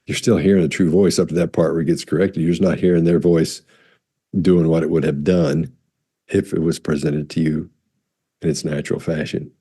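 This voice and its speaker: Man, deep mellow voice, slightly husky, loose rambling explainer, compressed studio mic. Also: fairly even intonation, fairly quick. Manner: rambling, self-correcting, demonstrates loud and soft speech. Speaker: body language expert answering viewer questions. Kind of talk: casual explanatory talk.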